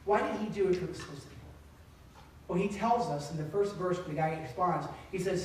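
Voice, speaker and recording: A man in his thirties, a pastor, preaching a conversational, animated sermon. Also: high-pitched, brisk, a little hiss or hum. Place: church sanctuary. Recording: echoey sanctuary, distant mic.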